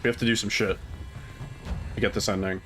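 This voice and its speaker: A man's voice: on the low side, level tone, fairly quick, a bit bright, soft background music. A man streaming a horror game and chatting casually, joking and thinking aloud as he plays. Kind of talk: casual gameplay commentary.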